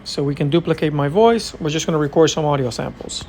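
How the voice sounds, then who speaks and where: A man's voice: fairly high pitch, fast, a little hiss or hum. A man hosting a casual tech tutorial, talking through his screen with an easygoing, hesitant manner full of fillers. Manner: relaxed, hesitant with many fillers.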